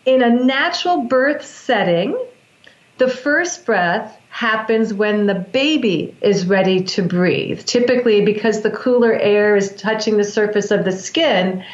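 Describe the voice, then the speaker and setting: A woman's voice: medium pitch, unhurried. A woman, a breath work practitioner, earnestly explaining her practice in an interview, often restarting her sentences. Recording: echoey, dull lo-fi sound.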